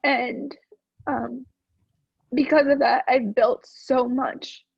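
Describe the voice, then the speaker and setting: A woman speaks on a group call, close to tears. Her high voice is husky, with a gravelly edge. She shares her struggles in an earnest, searching way, and the sound is dull and dry. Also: level tone, takes it slowly, no room sound. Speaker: caller. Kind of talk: emotional sharing on a group call.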